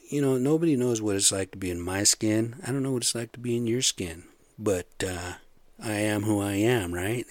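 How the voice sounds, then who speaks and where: A man ranting in a profane, sarcastic monologue, swinging between loud outbursts and low muttering. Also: no echo.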